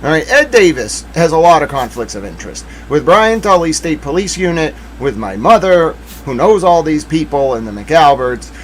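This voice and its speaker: A man from Massachusetts hosts a casual livestream, riffing with heavy sarcasm and rambling jokes. His voice sits a little high, with a faint background hiss. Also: very animated, normal speed, few pauses, low-quality recording. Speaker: livestream host.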